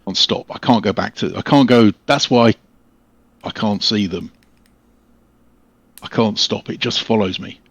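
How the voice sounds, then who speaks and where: A man's voice: on the low side, measured pace, pauses often, dry recording, highs cut off. A man playing a weary, haunted male spellcaster who talks in a terse, brooding, fatalistic way.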